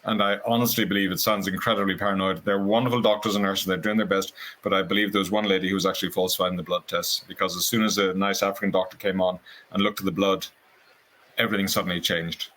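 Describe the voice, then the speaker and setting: A man telling a personal story in a casual conversation, earnest and animated, slipping into quoted voices now and then. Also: deep voice, quick pace, poor audio.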